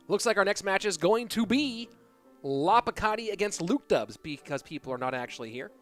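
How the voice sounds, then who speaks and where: A man's voice: fairly high pitch, expressive, moderate pace, fairly bright tone, faint music behind. A man hosting an esports live stream, chatting in a laid-back, joking way. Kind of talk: casual live-stream commentary.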